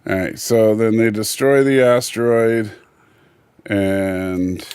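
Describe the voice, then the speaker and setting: A man's voice: on the low side, steady tone, slow, a little mellow, clear, resonant tone, dry recording, clean studio sound. A man co-hosting a casual review podcast, teasing his partner and laughing often. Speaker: podcast co-host.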